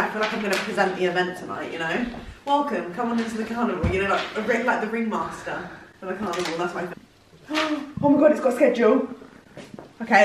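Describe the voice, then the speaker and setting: A young Englishwoman talks straight into a handheld camera in a giddy, gushing vlog. She laughs often. Her voice sits in a middle register, and a faint hiss runs under the recording. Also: medium pitch. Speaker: vlogger. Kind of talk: excited casual vlog. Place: large holiday lodge indoors.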